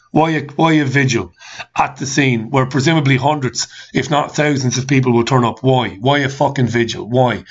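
Male host, angry repetitive rant, rhetorical questions, slightly muffled lo-fi sound. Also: medium pitch. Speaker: talk show host. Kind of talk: ranting monologue reading listener comments.

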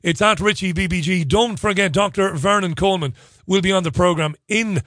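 A man's voice: high-pitched, brisk, fairly bright tone, no echo, clean studio sound. A man hosting a radio show, talking in a chatty, sarcastic, jokey way between stories and listener tweets. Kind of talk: opinionated radio monologue.

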